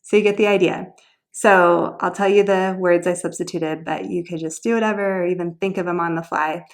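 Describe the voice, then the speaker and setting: A woman's voice: lowish voice, fairly even intonation, a little fast. A woman sharing homeschool tutoring ideas in a casual, upbeat instructional video, explaining each activity and then showing how it goes.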